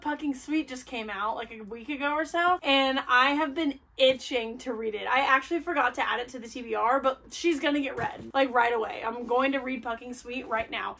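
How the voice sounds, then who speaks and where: A young woman chatting in a bubbly, gushing vlog style, full of quick excited exclamations. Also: on the high side. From United States. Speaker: book vlogger. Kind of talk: casual vlog chat.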